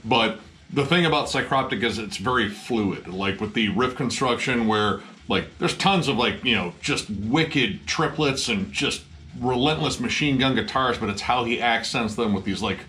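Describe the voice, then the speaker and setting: A man casually reviewing a metal album with excited energy, swearing often and filling his talk with "like". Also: medium pitch, normal speed. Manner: excited, swears a lot, many "like" fillers.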